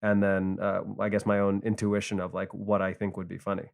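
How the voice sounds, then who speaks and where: A man's voice: on the low side, completely flat delivery, a little fast, vocal fry. A man, a guest stand-up comedian, talking casually on a podcast with many fillers and restarts.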